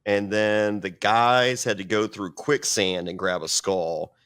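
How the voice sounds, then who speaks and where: A man's voice: fairly low pitch, fairly even intonation, slow, fairly bright tone, clean tone. A man telling a story as an interview guest, swearing often and restarting his sentences. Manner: profane, rambling with many restarts.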